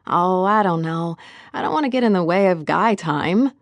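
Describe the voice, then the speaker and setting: A woman's voice: lowish voice, lively intonation, moderate pace, no room sound. A woman voicing a wry, hesitant young heroine. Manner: hesitant, self-mocking.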